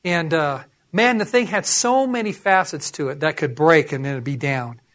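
A middle-aged man with a slightly high voice preaches at normal speed, sharing personal testimony. He tells stories with animation, acting out the voices of the people in them.

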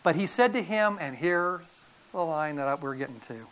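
A woman's voice: low-pitched, lively intonation, normal speed. A woman preacher giving a sermon, telling the story dramatically and acting out voices.

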